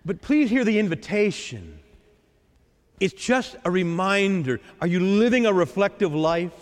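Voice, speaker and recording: A man preaching a sermon as a priest, acting out the voices of the Lord and the disciples with lively drama. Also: high voice. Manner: animated, dramatizing the Lord's and disciples' lines. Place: church. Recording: echoey church with long reverb.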